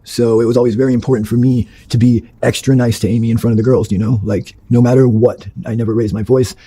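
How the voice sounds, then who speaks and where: A man talking quickly in a very dark, mellow, husky voice as he tells his own story to an interviewer. He is blunt and swears freely, rambling along with fillers and half-finished sentences. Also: mid-range voice, poor audio. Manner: blunt and profane, with many fillers. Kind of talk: candid personal storytelling.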